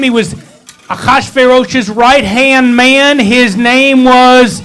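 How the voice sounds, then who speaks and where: A man's voice: very high-pitched, steady tone, takes it slowly, a bit bright, clear, resonant tone, rough recording. A man leading a service, telling a holiday story with humor and playful asides in a sanctuary. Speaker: service leader.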